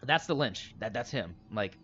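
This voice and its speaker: A man voicing a nervous male companion who hesitates and stammers, a little higher than his own voice. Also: expressive, moderate pace, a bit bright, slight background noise. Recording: dull lo-fi recording.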